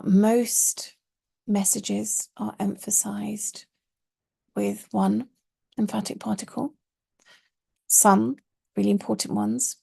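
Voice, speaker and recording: A woman's voice: mid-range voice, gravelly, warm tone, breathy edge. A woman teaching a class on Quranic Arabic, explaining earnestly and leaning hard on key words. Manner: earnest, stresses key words with slow emphasis.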